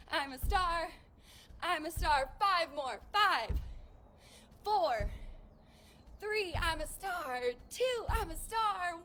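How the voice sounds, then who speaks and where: A woman's voice: sits high, a bit bright, a little hiss or hum. A young woman coaching a workout class, upbeat and encouraging, counting reps aloud while out of breath. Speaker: fitness instructor.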